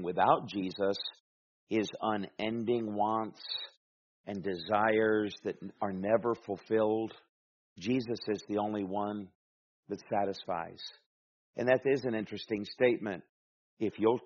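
Husky preacher guy going verse by verse, gets loud and emphatic, kinda muffled recording. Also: lowish voice. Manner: emphatic, rising loud on scripture readings. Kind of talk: expository sermon, reading scripture aloud.

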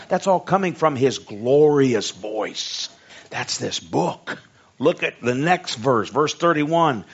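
A man with a Southern US accent preaching a sermon. He reads scripture slowly and emphatically, then jokes in a casual way. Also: mid-range voice, sing-song, a bit bright. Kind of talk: sermon Bible study. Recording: dull lo-fi recording.

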